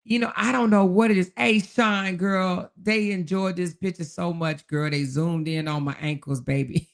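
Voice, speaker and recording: A woman's voice: on the low side, fairly even intonation, normal speed. A woman hosting a casual livestream, reading viewer comments and chatting in a folksy way, often laughing and calling her viewers baby, child and honey. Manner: laughs often while talking. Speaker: livestream host.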